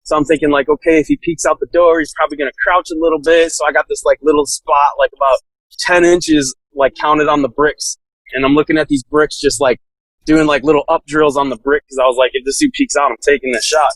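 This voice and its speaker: A relaxed man with a drawl tells a long story the casual way, leaning on fillers and chuckling as he goes. His voice sits a bit high for a man. The sound is dry and close. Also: a little fast, dry recording, low-quality recording. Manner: laid-back, lots of "like" fillers, laughs while telling. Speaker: podcast guest, SWAT officer.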